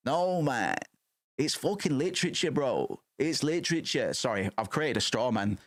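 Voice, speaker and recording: A man's voice: medium pitch, very animated, moderate pace. A man in his thirties chatting casually as a streamer, rambling, swearing freely and restarting his sentences. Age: 30s. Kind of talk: casual chat.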